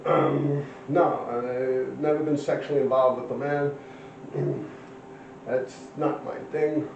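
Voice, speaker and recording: Slow and level, with a medium pitch and a slightly mellow quality, this fifties-aged guest rambles through profane street-style stories in a casual interview. The sound is roomy, distant, and dull lo-fi, carrying a little hiss or hum.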